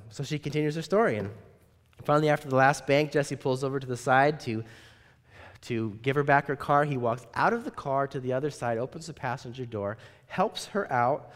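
A man, a pastor, preaching a sermon and telling a story in an animated way. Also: medium pitch. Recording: long reverb in a large hall.

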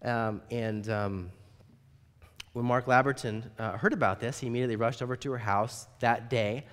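A man, a pastor, preaching a sermon and telling a story in an animated way. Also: medium pitch, moderate pace. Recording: long reverb in a large hall.

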